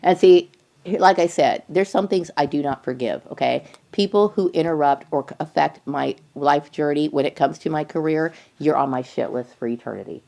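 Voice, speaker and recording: Defiant middle-aged woman, low gravelly voice with fry, hammers each point home. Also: steady tone, normal speed, dark tone. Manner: emphatic, repeats "okay?" for stress; blunt and defiant. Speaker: vlogger. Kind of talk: personal monologue to camera.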